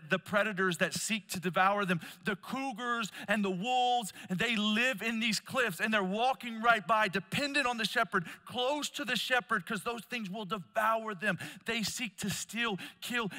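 A man preaching at a conference, telling stories with loud emphatic bursts and quiet low asides. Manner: storytelling, swings between loud emphasis and hushed low asides. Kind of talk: conference sermon. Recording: long hall reverb.

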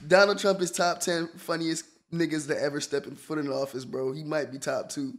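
A man's voice: on the high side, fairly even intonation, fairly quick, a bit bright. A man streaming live who reacts with crude, profane commentary.

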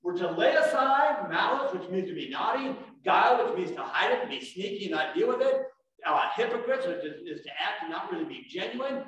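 A man preaching a sermon as pastor, animated, swinging from shouts to quiet asides. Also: high-pitched, fairly quick. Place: church sanctuary. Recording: echoey church room from far off.

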